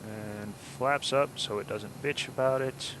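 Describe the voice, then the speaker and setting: Guy casually talking thru a flight sim game, step by step, average pitch, bit of faint hum behind. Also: fairly even intonation, slow. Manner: chatty, explains each step as he goes. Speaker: flight sim gameplay host. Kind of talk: casual let's-play commentary.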